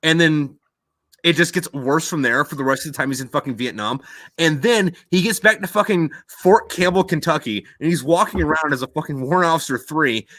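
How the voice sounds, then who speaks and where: A man's voice: fairly high pitch, brisk, fairly bright tone, no room sound. A man hosting a podcast, telling a rambling, profane war story in casual chat and acting out quoted voices. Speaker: podcast host.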